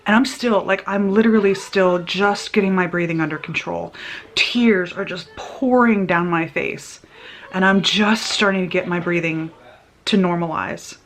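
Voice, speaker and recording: A woman vlogger telling a personal story in a casual, animated way, with quick restarts as she goes. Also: lowish voice, slight background noise. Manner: animated, tumbling retelling with restarts.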